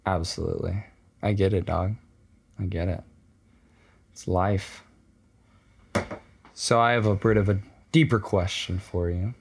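A man's voice: low voice, steady tone, a little slow, vocal fry, pauses often, breathy edge. A young man from Texas hosting a casual interview, laid-back and joking with plenty of slang. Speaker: host.

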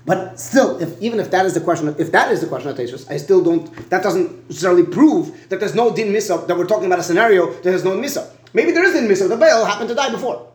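Fast-talking, halting man teaching Talmud. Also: sits high, animated, roomy sound. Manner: halting, repeats words, asks "right?" often. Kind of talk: Talmud study lesson.

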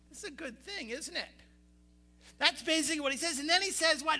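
A man preaching a sermon, animated, putting questions to his listeners and acting out the quotes he reads. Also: very high-pitched, normal speed, pauses often. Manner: animated, talks to the congregation with questions and acted-out quotes. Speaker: pastor.

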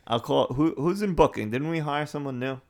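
A man's voice: fairly high pitch, a little fast, a little mellow. A man co-hosting a casual podcast, rambling through chat and listener emails with lots of fillers. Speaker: podcast co-host.

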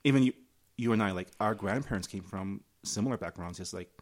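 A man with a very low voice talks quickly on a podcast. He is relaxed and laughs easily, filling his speech with "like" and "you know.". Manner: relaxed, laughs often, lots of fillers. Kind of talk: casual chat.

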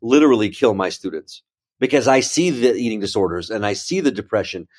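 A man with a fairly low voice, speaking fairly quickly, is a speaker and professor telling a story in a conversational interview. He's animated and keeps checking in with the listener using "right?" and "okay?".

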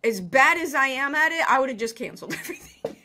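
Laughing frequently, a middle-aged woman who works as a business coach gives a lively, self-deprecating conversational interview. She speaks at a quick pace with a high pitch.

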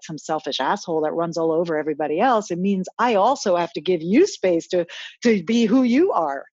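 A woman's voice: fairly low pitch, a little mellow, no echo. Earnest woman coach, dull lo-fi sound. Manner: earnest, reflective, frequent restarts. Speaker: podcast guest, coach. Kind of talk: casual interview chat.

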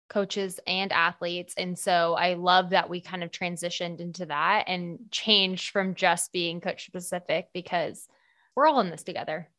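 A young woman co-hosting a podcast in casual chat, reflective and quick to laugh. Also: fairly low pitch, bright, forceful tone. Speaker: podcast co-host.

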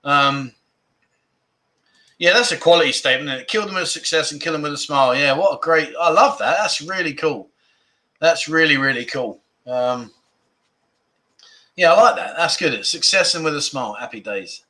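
A man's voice: a little high, expressive, normal speed, long pauses, pushed and bright. A man hosting a livestream, chatting casually and reading out viewer comments, with easy laughs and grumbling asides. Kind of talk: casual chat.

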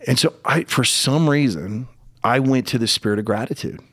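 Middle-aged man, candid storyteller, halting delivery with emotional moments, dry close sound. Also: mid-range voice, a bit bright, no room sound. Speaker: podcast guest. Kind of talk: personal storytelling in conversation.

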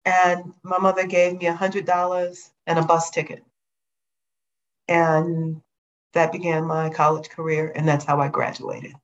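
A middle-aged woman from Chicago, a guest telling her life story in a lively, animated way. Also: on the low side, a little slow. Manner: lively, animated retelling with acted quotes. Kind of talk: storytelling interview. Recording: dull lo-fi sound.

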